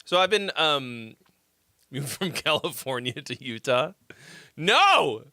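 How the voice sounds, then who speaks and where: Lively, bright-voiced joking man. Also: medium pitch, slow, clear, resonant tone, no echo, studio quality. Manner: rambling, profane, joking. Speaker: host giving song feedback. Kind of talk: casual livestream chat.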